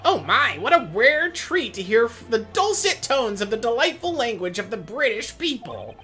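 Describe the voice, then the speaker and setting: A man voicing a pompous, flowery gentleman in a game, with a high theatrical over-polite delivery. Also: sing-song, moderate pace, soft background music, full character voice. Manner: ornate, fawning delivery.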